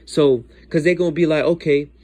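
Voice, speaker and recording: Man, casual vlogger storytelling, emphatic, keeps repeating lines and talking straight to the viewers, mid pitch. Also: normal speed, a little mellow, no echo. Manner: emphatic and repetitive, often addresses listeners directly. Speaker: vlogger telling a dream.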